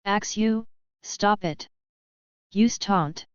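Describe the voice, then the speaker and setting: A woman's voice: medium pitch, drawn-out words, smooth. A woman voicing a young male trainer who calls out commands, in a dull lo-fi recording. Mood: commanding. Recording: dull lo-fi dry audio.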